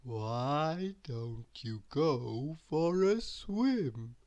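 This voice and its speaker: A man voicing a sleepy, easygoing storybook character who drawls slowly. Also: medium pitch, expressive, a little mellow, lo-fi sound. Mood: relaxed drawl. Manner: slow, drowsy drawl.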